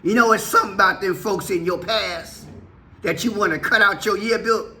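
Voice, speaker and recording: A man hosting his own channel, giving casual political commentary with playful, drawn-out exclamations. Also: sits high, bright, forceful tone. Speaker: channel host.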